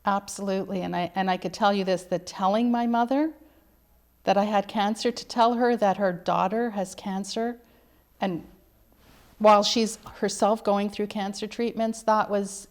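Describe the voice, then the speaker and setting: A woman's voice: medium pitch, steady tone, normal speed. A middle-aged woman, an author being interviewed, telling her family's story in an earnest, emphatic way. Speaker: author guest. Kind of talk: interview conversation.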